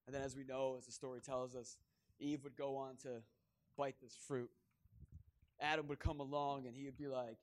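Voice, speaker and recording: A man's voice: medium pitch, little pitch movement, normal speed. A man preaching a sermon, joking and self-mocking as he addresses the church. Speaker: pastor.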